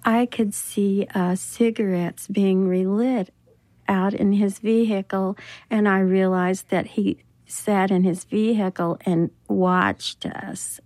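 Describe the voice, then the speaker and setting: An older woman with a Southern American accent, telling her own story in an interview, slow and plainspoken. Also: mid-range voice, steady tone, darkish tone, no room sound. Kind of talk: recounting a personal story in an interview.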